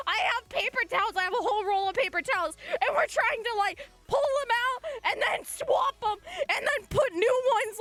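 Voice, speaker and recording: A woman streamer telling a long story to her chat in an excitable way, breaking into shrieks and laughter. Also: very high voice.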